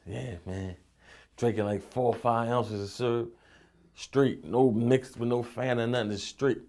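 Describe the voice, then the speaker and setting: A young man with a gravelly, creaky edge to his mid-pitched voice talks through his past in a loose, streetwise way. He drops profanity freely and keeps checking in with "you know what I'm saying.". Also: fairly even intonation, measured pace, darkish tone. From Philadelphia. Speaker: rapper, interview guest. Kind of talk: casual interview storytelling.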